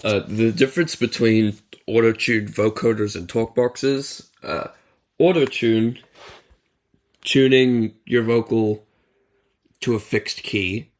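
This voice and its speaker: A man's voice: fairly low pitch, steady tone, takes it slowly. A man co-hosting a podcast in casual chat, rambling and explaining at length with many fillers. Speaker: podcast co-host.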